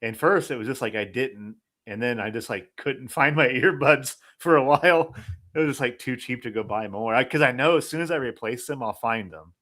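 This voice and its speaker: A man's voice: mid-range voice, a little fast, fairly bright tone. A man co-hosting a podcast in casual chat, rambling and heavy on "like", with offhand swearing. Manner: loose, peppered with "like", swears casually. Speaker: podcast co-host.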